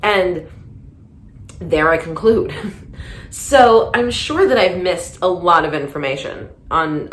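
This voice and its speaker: A woman's voice: on the low side, roomy sound. A woman talking through a casual commentary monologue, rambling with many restarts and getting heated. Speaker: commentary vlogger.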